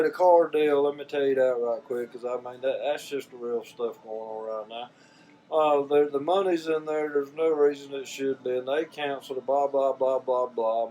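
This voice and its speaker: Mid-range and darkish in tone, an older man's voice comes through poor audio with slight background noise. He's a Southern US vlogger talking to camera in a casual, heartfelt, folksy ramble, often repeating himself.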